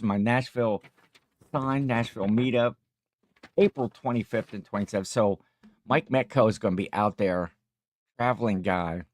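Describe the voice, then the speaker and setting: Slow, tired middle-aged male streamer. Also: on the low side, dry recording, studio quality. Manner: rambling, chatty, jokey. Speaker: livestream host. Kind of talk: casual livestream chat, reading comments.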